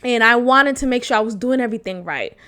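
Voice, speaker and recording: A young adult woman hosting a podcast, telling a frank personal story in a profane, animated way and laughing often. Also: a little high, fast. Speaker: podcast host. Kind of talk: candid storytelling monologue.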